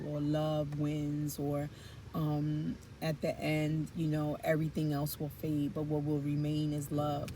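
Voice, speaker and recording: A woman with a low voice gives a casual tarot reading over some background noise. She's chatty and blunt, using frank slang and the occasional swear word.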